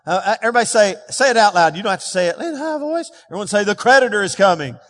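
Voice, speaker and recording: A man's voice: sits high, very animated, very fast, fairly bright tone. A man preaching a sermon as pastor, emphatic and calling on the congregation to respond. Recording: long reverb of a large hall.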